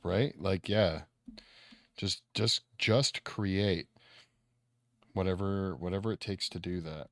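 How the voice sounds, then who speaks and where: A man co-streaming with a friend, chatting in a relaxed, rambling way with plenty of swearing and fillers. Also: low voice, slow, pauses often, no room sound. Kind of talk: casual live-stream chat.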